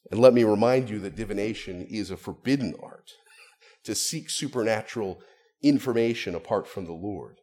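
This man's voice sits on the low side and is a little mellow, moving at a moderate pace. He's a pastor delivering a conversational sermon, regularly checking in with the audience through frequent "right?" asides.

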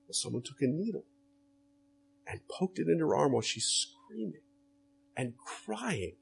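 A man's voice: on the high side, big pitch swings, measured pace, creaky, a little hiss or hum. A man preaching a sermon as a pastor, earnest and direct, often putting rhetorical questions to his listeners.

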